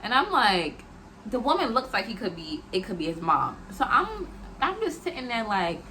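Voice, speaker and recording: A young woman recounts a personal story in a bright, lively voice. She rambles casually, filling her talk with "like" and calling her viewers "y'all". Faint room ambience hums behind her. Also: a little high, moderate pace, a little hiss or hum. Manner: chatty, peppered with "like", talks to viewers as "y'all".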